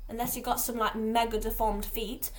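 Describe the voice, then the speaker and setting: A woman's voice: fairly high pitch, level tone, normal speed. Rambling teenage English girl vlogging. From England. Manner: chatty, scattered, lots of fillers and restarts. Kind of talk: rambling casual vlog chat.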